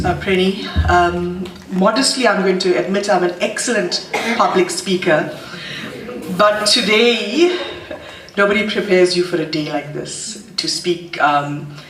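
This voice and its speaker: A man, the son of the deceased, from South Africa, giving a funeral vote of thanks with halting pauses and gentle humor. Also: high-pitched, fairly even intonation, slight background noise. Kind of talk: funeral speech. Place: funeral hall. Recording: roomy hall, mic at a distance.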